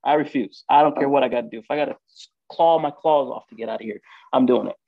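A man's voice: medium pitch, fast talker, creaky, no room sound, narrow, tinny audio. Candid man telling a raw story. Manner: emotional, candid, animated retelling with quoted dialogue. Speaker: guest telling his story. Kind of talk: casual storytelling on a podcast.

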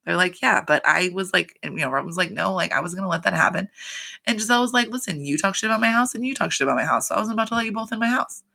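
Chatty, gravelly-voiced reality TV recapper. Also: medium pitch, lively intonation, rapid-fire, pushed and bright. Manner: chatty, profane, full of fillers. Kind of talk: casual gossip recap.

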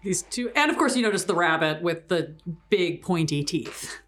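A woman narrating and running a tabletop role-playing game, playful and quick to laugh. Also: lowish voice, animated, fairly bright tone. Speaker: game master.

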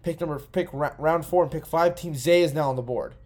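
Young male podcast host, a bit drunk, loose and profane, pitched slightly high. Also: a little fast. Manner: profane, rambling, excitable. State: tipsy. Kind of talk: casual solo commentary.

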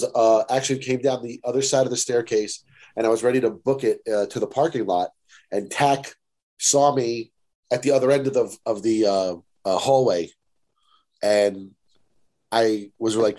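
A man telling a story in a casual chat, animated and laughing often, quoting people. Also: mid-range voice, a little fast. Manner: animated, laughing, quotes people in put-on voices. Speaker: podcast guest.

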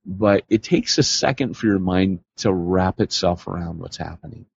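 A man co-hosting a podcast, telling stories in a casual, animated way and slipping into voices for the people he quotes. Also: sits low, normal speed, gravelly, breathy edge, dry recording. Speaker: podcast co-host. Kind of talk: casual storytelling conversation. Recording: dull lo-fi podcast audio.

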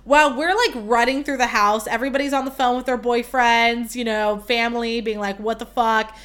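A woman's voice: a little high, steady tone, brisk, a bit bright. A young woman hosting a podcast, telling a story in a rambling, casual way, full of fillers and swearing. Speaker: podcast host.

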